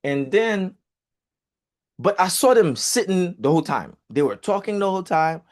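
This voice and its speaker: Lively man telling a story. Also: sits high, moderate pace. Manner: animated, chatty, swears, fillers like blah blah. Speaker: real estate group speaker. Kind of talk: casual storytelling.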